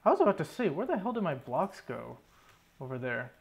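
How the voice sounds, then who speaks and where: A young man talks through his gameplay in a running, exasperated stream. He swears freely and mutters to himself. His voice sits a little high for a man. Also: sing-song, brisk, creaky. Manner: swears often, exasperated running self-talk. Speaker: gaming YouTuber. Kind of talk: live commentary over gameplay.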